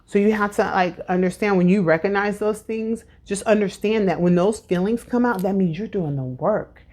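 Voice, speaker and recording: A woman's voice: medium pitch, moderate pace, darkish tone. A woman tarot reader talking casually and encouragingly to camera at home, with lots of fillers. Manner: chatty and encouraging, many fillers. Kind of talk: casual spiritual tarot vlog. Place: at home with incense burning.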